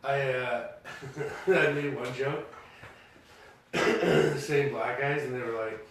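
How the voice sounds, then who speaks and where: A man's voice: medium pitch, fairly even intonation, takes it slowly, a little hiss or hum. A man co-hosting a podcast, telling laid-back anecdotes in casual chat and laughing through them. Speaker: podcast co-host. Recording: roomy echo, distant mic, faint ambience.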